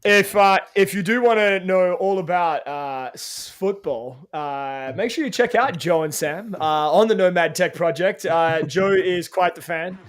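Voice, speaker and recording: Canadian male podcast co-host, high-pitched, halting casual delivery. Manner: hesitant, many fillers and restarts. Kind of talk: casual chat.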